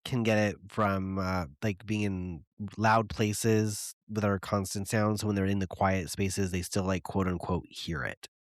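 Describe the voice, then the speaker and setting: A man's voice: lowish voice, flat delivery, a little slow, hardly any pauses, no room sound. A man co-hosting a podcast in casual chat, reacting in a laid-back way and laughing often. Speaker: podcast co-host.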